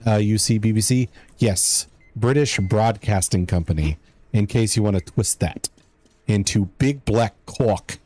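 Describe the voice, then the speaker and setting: A young man from the United States plays a game on stream, talking to his chat in a rambling, chatty way as casual commentary. His voice is lowish, a touch mellow, and a little slow.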